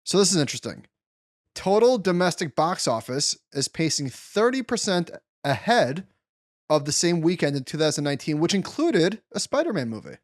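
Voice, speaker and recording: A man's voice: fairly high pitch, sing-song, moderate pace, no echo, clean studio sound. A man co-hosting a podcast, talking bluntly and emphatically in casual chat, with easy swearing. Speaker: podcast co-host.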